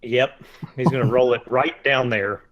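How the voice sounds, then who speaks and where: A man's voice: mid-range voice, steady tone, measured pace, highs cut off, a loud crowd. A man playing a tabletop game, describing his character's moves matter-of-factly. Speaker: player. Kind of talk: casual tabletop play.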